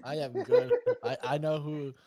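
A man co-hosting a podcast, chiming in with quick reactive remarks. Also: fairly high pitch, huge pitch swings, a loud crowd. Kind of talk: casual chat.

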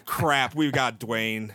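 A man's voice: medium pitch, extremely slow, sharp tone, no echo, clean studio sound. A man hosting a podcast, playful and teasing, slipping into theatrical bits. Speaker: podcast host. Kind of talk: casual podcast chat.

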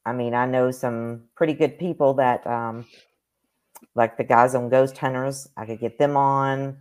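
Woman psychic medium, very low voice, rambling and hesitant in casual stream chat. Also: steady tone, measured pace, darkish tone. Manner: rambling, hesitant with many fillers.

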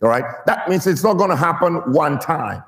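A man's voice: on the high side, animated, normal speed, fairly bright tone, big-room sound. A man preaching a sermon to his church, stressing key words and getting the people to repeat them. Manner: emphatic, draws out key words and gets the congregation to repeat.

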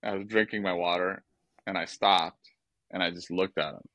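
A man co-hosting a podcast, telling a baseball story in an animated, exasperated way and swearing freely. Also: deep voice, moderate pace, no echo, low-quality recording. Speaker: podcast co-host, former baseball player.

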